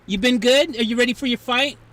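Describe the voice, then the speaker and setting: A stream host chats casually during a live stream, rambling with plenty of fillers and restarts. His voice is very high, sharp, and a little fast, over a hiss of background noise.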